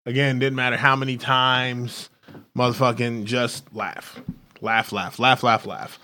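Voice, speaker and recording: A man co-hosting a casual chat, telling crude stories in an animated way and acting out what people said. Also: medium pitch, unhurried. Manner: crude, animated storytelling with acted-out quotes. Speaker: podcast co-host.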